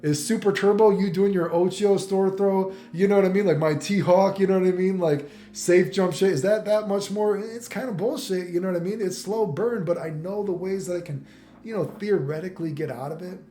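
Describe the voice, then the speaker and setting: Fairly quick and warm in a high-pitched voice, this host of a fighting game video rambles profanely in a casual monologue, peppered with "you know what I mean." Faint music plays in the echoey room.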